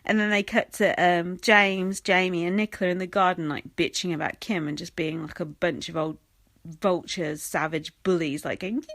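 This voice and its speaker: A woman's voice: on the low side, normal speed, fairly bright tone, dry recording. A young English woman hosting a casual solo podcast, blunt and sarcastic, swearing and mocking others in quoted voices. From England. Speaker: podcast host.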